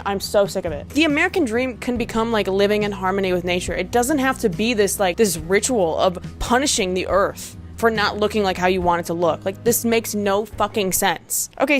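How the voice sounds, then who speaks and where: A woman's voice: mid-range voice, a little fast, few pauses. Sarcastic swearing woman ranting. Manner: sarcastic, profane, exasperated ranting with laughs. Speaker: video essayist. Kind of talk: ranting commentary vlog.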